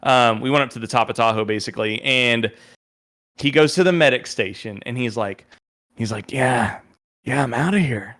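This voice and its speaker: Bright-voiced man telling a story. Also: mid-range voice, normal speed. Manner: animated storyteller who acts out quotes. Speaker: podcast guest. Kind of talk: casual storytelling.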